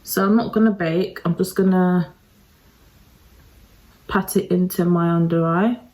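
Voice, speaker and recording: A woman's voice: fairly low pitch, fairly even intonation, measured pace, a little mellow, poor audio. A woman talking through a makeup tutorial, chatty and self-deprecating, addressing her viewers directly. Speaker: beauty vlogger. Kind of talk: casual makeup tutorial talk.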